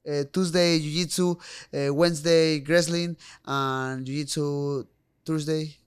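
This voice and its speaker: Mexican man, smooth voice, halting English. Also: fairly high pitch, fairly even intonation. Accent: Mexican Spanish. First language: Spanish. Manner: halting, many restarts and fillers. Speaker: guest fighter. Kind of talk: casual interview talk.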